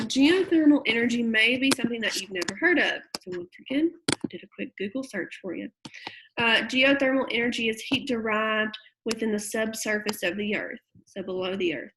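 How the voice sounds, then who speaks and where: Teacher lady going over a reading passage, kinda high voice with lots of fry, patient and chatty, lots of ums. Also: fairly bright tone, low-quality recording. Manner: patient, conversational, with frequent fillers. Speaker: middle school English teacher. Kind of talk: recorded online lesson, reading aloud and explaining.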